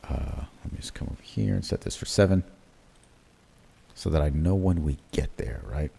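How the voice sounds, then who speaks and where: A bass-voiced man with vocal fry and a slightly rough tone speaks at normal speed on his crypto trading livestream. He casually thinks aloud and corrects himself while marking up charts, leaning on fillers and "right?" tags.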